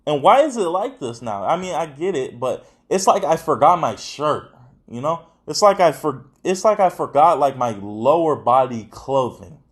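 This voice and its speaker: This young adult man hosts a podcast in a slightly high, husky voice with big pitch swings at a moderate pace. His chat is casual and rambling, packed with slang and swearing.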